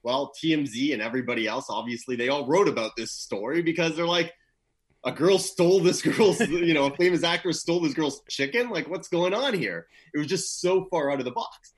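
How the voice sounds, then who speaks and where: A man's voice: a little high, fairly quick, breathy edge. A man talking casually as an interview guest about his public relations work, laid-back and full of "you know" fillers, livening up when he tells a story. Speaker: guest, PR professional.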